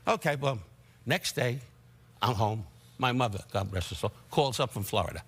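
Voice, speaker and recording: As a guest on a talk show, an older comic rambles through stories, restarting as he goes, and brashly teases the host. His medium-pitched voice is fairly bright with a breathy edge, and he speaks at a normal speed.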